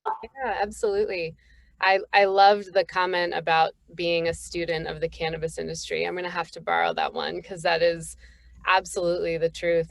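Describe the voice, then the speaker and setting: Panelist: woman from Boston, low and steady voice, conversational, dry close recording. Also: no room sound. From Boston, Northeast US. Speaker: panelist, company founder. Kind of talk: virtual panel introduction. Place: dialing in from the road.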